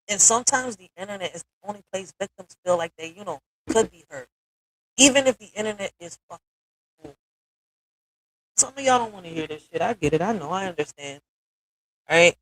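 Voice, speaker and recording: A woman's voice: lowish voice, low-quality recording. A woman hosting a live stream, talking emotionally and bluntly with lots of cursing, often checking in with "all right?". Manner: emphatic, builds to forceful peaks.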